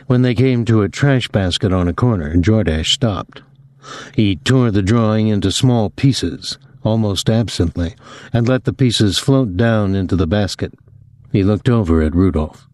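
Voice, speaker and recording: This audiobook narration comes from a man with a deep voice, delivered at an even, deliberate pace from a script. It's miked closely, dry, with no room sound.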